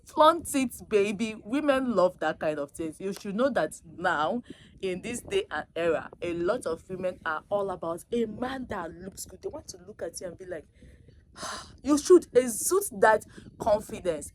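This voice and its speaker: A woman vlogger giving casual dating advice straight to camera, emphatic and teasing, swinging between loud bursts and soft asides. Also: medium pitch, animated, normal speed, a little hiss or hum.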